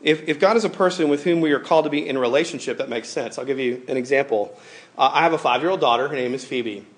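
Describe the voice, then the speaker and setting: A man in his thirties preaching a sermon in a conversational, animated way, often acting out quoted voices. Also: medium pitch, quick pace. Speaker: pastor.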